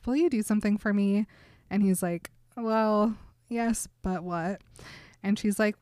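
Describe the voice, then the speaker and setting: A woman's voice: medium pitch, darkish tone, no room sound, studio quality. Woman retelling a book scene, laughing. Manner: retells scenes in quoted dialogue, laughing often. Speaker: podcast co-host recapping a book. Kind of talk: casual chat.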